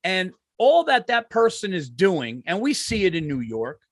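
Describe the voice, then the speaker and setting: High-voiced man telling animated stories. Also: normal speed, dry recording, studio quality. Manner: animated storyteller, swears freely. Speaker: podcast host. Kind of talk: casual chat.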